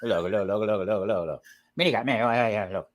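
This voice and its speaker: A man mimicking a friendly old-world immigrant cook, calling low. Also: very fast, close to an everyday voice.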